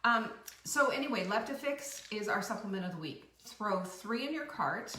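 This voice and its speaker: A chatty middle-aged woman hosts a casual live stream, her bright voice swinging up and down as she talks. She sits a little back from the mic in an echoey room. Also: medium pitch, lively intonation, normal speed, distant mic, a little hiss or hum. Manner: chatty and bubbly, reacting to viewer comments. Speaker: host.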